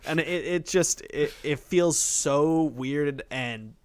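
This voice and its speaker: A man's voice: on the high side, slow pace, clear, resonant tone. A young man co-hosting a podcast in casual chat, rambling with lots of fillers and cursing. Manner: rambling, lots of fillers, swearing, puts on goofy voices. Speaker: podcast co-host.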